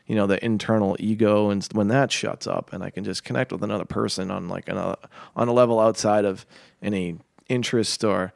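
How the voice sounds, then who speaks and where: Gravelly-voiced man, rambling casually. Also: fairly low pitch, steady tone, brisk, no room sound, clean studio sound. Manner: rambling, heavy use of fillers like "you know" and "like". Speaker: guest singer-songwriter. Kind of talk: casual conversation.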